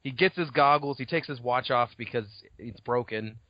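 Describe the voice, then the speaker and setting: The co-host's voice is middle-pitched and moderately paced as he rambles through a casual podcast summary of a novel chapter. He swears freely and slips into character voices, all on a dull, dry, lo-fi home recording without room echo.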